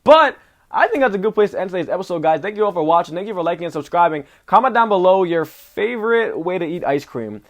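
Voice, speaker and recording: A young man vlogging, telling a story in a casual, animated way with lots of slang. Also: sits high, fast talker. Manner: animated, slangy, says "bro" often. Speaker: travel vlogger.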